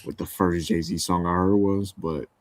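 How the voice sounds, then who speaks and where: A young man with a very low voice talks loosely in a dry, close recording. He rambles through his thoughts with plenty of fillers and restarts, in an easygoing podcast chat. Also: fairly even intonation, unhurried, no room sound. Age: young adult. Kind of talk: casual chat.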